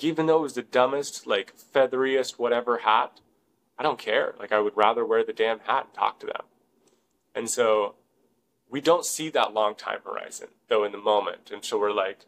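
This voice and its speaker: A man's voice: medium pitch, fairly bright tone, poor audio. A young man co-hosting a podcast, talking casually and rambling, with many fillers and some swearing. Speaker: podcast co-host.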